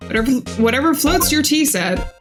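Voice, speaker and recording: A wry young defense lawyer in a fairly high, plain voice, read by a woman playing the game. He has dry little asides, and game music sits clearly behind him. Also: animated, fairly quick.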